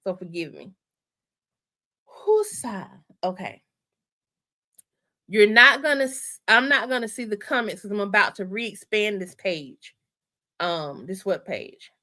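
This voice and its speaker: A channel host walks viewers through a store on a casual livestream, sounding bright and forceful. Excitable and chatty, she addresses her audience directly and repeats her instructions so nobody misses them, at a medium pitch and measured pace.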